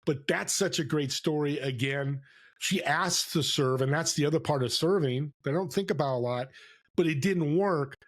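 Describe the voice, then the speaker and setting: A man telling stories as a podcast guest, lively and acting out the voices of people he quotes. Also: fairly high pitch, normal speed. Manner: animated storyteller, acts out quoted voices. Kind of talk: storytelling interview. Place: California.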